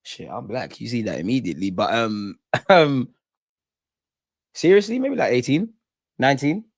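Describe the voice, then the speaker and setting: A young man hosting a live football watch-along, chatting casually, reacting to play and reading out comments, sometimes muttering and sometimes shouting at the referee. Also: medium pitch, moderate pace, no room sound, studio quality. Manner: animated, swings from muttering to shouting at the ref.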